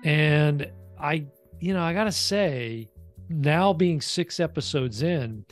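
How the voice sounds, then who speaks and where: A man's voice: fairly high pitch, lively intonation, slow pace, faint music behind. A man co-hosting a casual review chat, speaking loosely with lots of "you know" fillers. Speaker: podcast co-host reviewing a TV series.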